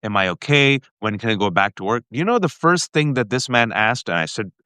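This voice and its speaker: A man earnestly recounting a family ordeal in an interview, halting often and restarting his sentences. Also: medium pitch, expressive, bright, forceful tone, smooth, dry recording, studio quality. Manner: earnest, halting, with restarts and frequent direct address. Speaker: guest. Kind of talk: emotional personal storytelling in an interview.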